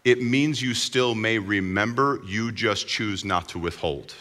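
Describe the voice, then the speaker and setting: A man preaching a sermon as pastor, in a conversational, animated way, recorded in a large hall. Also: lowish voice, measured pace. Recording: long hall reverb.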